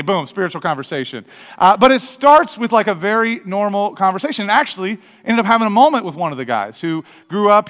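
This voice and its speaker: A man's voice: high-pitched, fairly bright tone. A man from the American Midwest preaching a sermon in a conversational way, telling personal stories with many restarts and acted-out quotes. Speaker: pastor. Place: church sanctuary. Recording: long reverb of a large hall.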